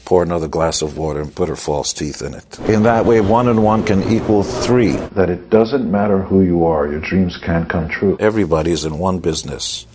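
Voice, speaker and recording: A man's voice: low-pitched, brisk, hardly any pauses, background noise. A man giving motivational success advice in a blunt, wisecracking, emphatic way. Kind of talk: motivational talk.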